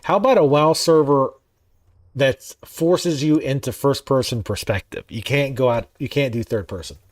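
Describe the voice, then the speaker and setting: A man streaming a game, chatting in a rambling, easygoing way with quick asides. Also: medium pitch, dry recording. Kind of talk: casual gameplay commentary.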